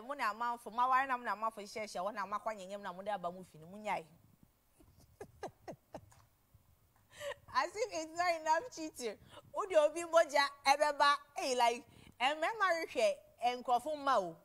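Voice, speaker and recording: A woman's voice: a little high, fairly bright tone. A young woman with a Ghanaian accent hosting a TV talk show, chatting casually and animatedly, laughing often and switching languages. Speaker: TV show host. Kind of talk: casual chat mixing English and Twi.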